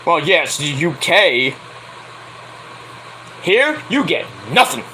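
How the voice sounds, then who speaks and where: A man on a late-night livestream rants with heated, profane energy. His voice sits high and bright. A faint air-conditioning hum runs underneath. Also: sing-song, slow, rough recording. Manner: profane, heated, fired-up ranting. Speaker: wrestling reviewer and streamer.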